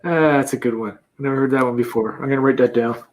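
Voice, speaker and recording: A man's voice: medium pitch, fairly even intonation, fast talker. A Canadian man hosting a casual live-stream chat from his campervan, reading out viewer comments and laughing often. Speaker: livestream host.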